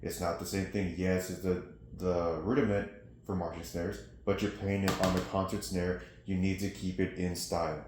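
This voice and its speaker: A man with a very low voice teaches snare drum, counting rhythms aloud between demonstrations. He is recorded in an echoey practice room, with loud noise behind him. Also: level tone, moderate pace. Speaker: percussion teacher. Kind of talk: instructional snare lesson. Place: practice studio with drums.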